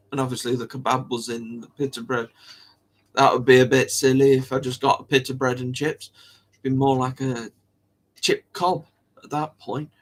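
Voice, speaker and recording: A young man hosts a casual live stream from home. His voice sits at an ordinary middle pitch, and he rambles from one thought to the next, cutting himself off mid-word and breaking into small giggles. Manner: rambling, chatty, giggles often, self-interrupting.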